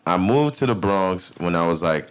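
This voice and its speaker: A deep-voiced man with a New York accent tells a story on a podcast, his pitch swinging up and down a lot. His delivery is loose and profane, thick with slang and fillers. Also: animated, normal speed, smooth. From Brooklyn, New York. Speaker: podcast host. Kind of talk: casual storytelling.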